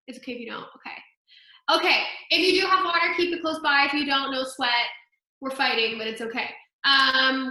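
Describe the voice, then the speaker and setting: Young female voice coach, high bright chatty delivery, very echoey room on a laptop mic, faint piano. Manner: chatty, upbeat, filler-heavy, sings exercises. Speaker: voice teacher. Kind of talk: online group voice lesson. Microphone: laptop microphone.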